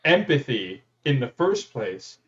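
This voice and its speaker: A man's voice: mid-range voice, sing-song, slow pace. Joking, teasing man on a muffled call. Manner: joking, teasing, swears freely. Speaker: debate panelist. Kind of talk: heated casual panel debate.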